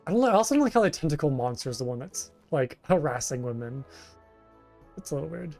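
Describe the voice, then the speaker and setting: A young man on a home game stream chats loosely and with amusement. His voice sits a little high. Faint game music plays underneath. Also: lively intonation, fast, vocal fry, darkish tone. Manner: casual, amused, chatty with fillers. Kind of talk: casual gameplay commentary. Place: home gaming setup.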